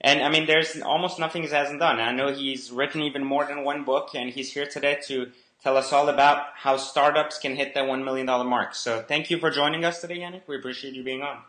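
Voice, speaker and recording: A man's voice: mid-range voice, steady tone, fairly quick, hardly any pauses, sharp tone. A man hosting an interview, asking friendly, filler-heavy questions. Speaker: interview host. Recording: roomy echo.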